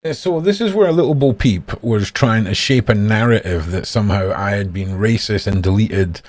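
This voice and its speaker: Sarcastic Scottish YouTuber. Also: male voice, on the low side, animated, moderate pace, a little mellow. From Scotland. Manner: sarcastic, mocking, profane. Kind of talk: commentary reading out messages.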